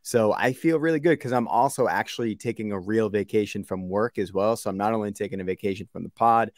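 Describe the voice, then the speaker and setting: A man's voice: fairly low pitch, fast, dry recording, studio quality. A man from the Boston area co-hosting a sports podcast, laid-back and rambling with lots of fillers. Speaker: podcast co-host. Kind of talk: casual sports podcast chat.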